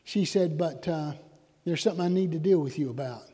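Preacher in a reverberant sanctuary. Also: male voice, a little high, a little fast, mellow. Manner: earnest storytelling preacher, rising to emphatic points. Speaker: pastor. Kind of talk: sermon. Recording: long reverb of a large hall.

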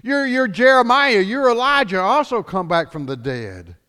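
A man preaching a sermon as pastor, animated, swinging between loud declarations and hushed lines. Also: extremely high pitch, normal speed, clear, resonant tone, long reverb tail.

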